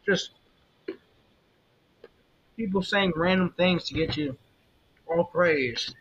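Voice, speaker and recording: A young man hosts a casual solo podcast, talking in a rambling, opinionated way with plenty of fillers and restarts. His voice sits a little high and sounds bright and edgy. The recording is muffled and lo-fi, with a faint rumble underneath. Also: slow pace, slightly rough. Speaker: podcast host. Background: faint jazz music.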